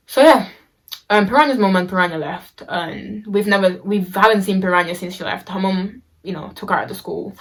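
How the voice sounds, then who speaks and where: A woman's voice: mid-range voice, a bit bright. A young woman telling a personal story in a casual vlog, chatty and slangy, with many fillers and restarts.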